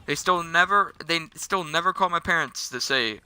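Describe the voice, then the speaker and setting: A man's voice: on the high side, pushed and bright, clean tone. A young man rambling through a personal story in casual vlog style, often restarting and correcting himself. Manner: rambling with many restarts and quick self-corrections. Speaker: storytelling vlogger. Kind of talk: casual storytime while gaming.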